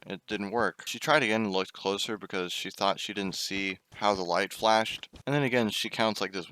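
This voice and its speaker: A man's voice: lowish voice, steady tone, normal speed, few pauses, bright, forceful tone, clear, resonant tone. A young man telling a casual story while gaming, chatty, swearing and breaking off to react to the game. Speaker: gaming YouTuber.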